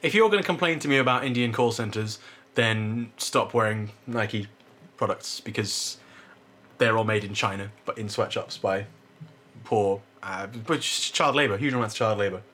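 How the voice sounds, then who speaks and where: A man's voice: lowish voice, moderate pace, sharp tone. Young man, co-host, opinionated casual rant. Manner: opinionated, ranting. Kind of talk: casual chat.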